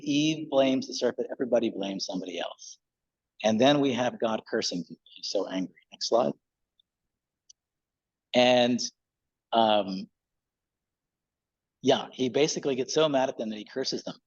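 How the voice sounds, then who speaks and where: Male pastor, slightly husky, easygoing church sermon, dull lo-fi recording. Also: fairly low pitch. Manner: conversational, relaxed, with fillers.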